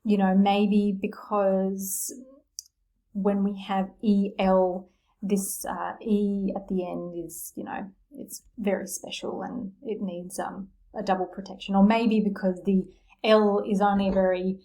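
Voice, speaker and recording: A woman's voice: medium pitch, flat delivery, measured pace, dark tone, low-quality recording. A woman with a mid-range voice gives a friendly, explanatory lesson on spelling for teachers. She talks in an easy, conversational way and leans on playful metaphors to make the rules stick. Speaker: literacy teacher trainer.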